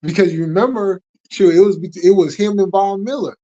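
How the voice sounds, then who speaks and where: A man in a heated, profane sports rant who laughs between complaints. His voice sits a little high and sounds warm and mellow. The recording is dull and lo-fi. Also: brisk. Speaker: host. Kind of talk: casual livestream sports talk.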